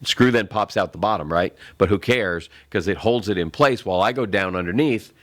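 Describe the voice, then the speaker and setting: Very deep-voiced man, rambling chat. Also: a little fast, a bit bright, no echo. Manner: rambling, explains step by step. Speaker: co-host. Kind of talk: casual chat. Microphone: desk microphone.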